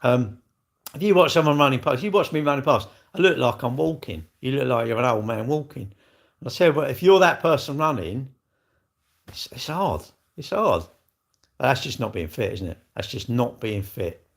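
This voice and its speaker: A man's voice: medium pitch, animated, moderate pace, vocal fry. An older man hosting a casual livestream, talking bluntly, arguing with commenters and swearing freely. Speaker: livestream host.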